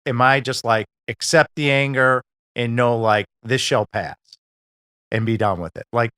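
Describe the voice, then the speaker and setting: A man hosting an interview show, asking relaxed, rambling questions full of fillers. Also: mid-range voice, a little slow, clean tone. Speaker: podcast host. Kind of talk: casual interview chat.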